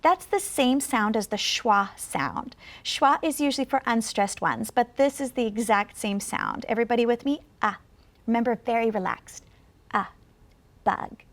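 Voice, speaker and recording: A woman teaching English pronunciation in a televised lesson, clear and patient as she coaches vowel drills. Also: a little high, animated, moderate pace, few pauses.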